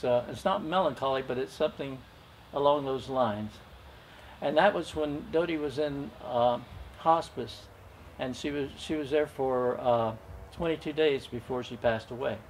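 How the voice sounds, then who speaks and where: An older man telling a personal story at an open mic, gentle and folksy, chuckling now and then. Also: mid-range voice, a little slow, a little hiss or hum.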